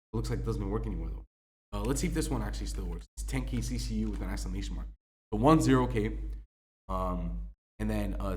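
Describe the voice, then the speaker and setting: Casual young male gaming creator, low voice, chatty code walkthrough, faint hiss underneath. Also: a little mellow. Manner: spells out codes letter by letter, chatty with many ums. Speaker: gaming YouTuber.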